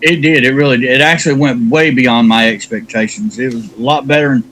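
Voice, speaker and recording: A man's voice: medium pitch, fairly even intonation, brisk, a bit bright, a little hiss or hum, low-quality recording. A man co-hosting a casual game review, speaking hesitantly and stumbling over his first words. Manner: hesitant, repeats words at the start.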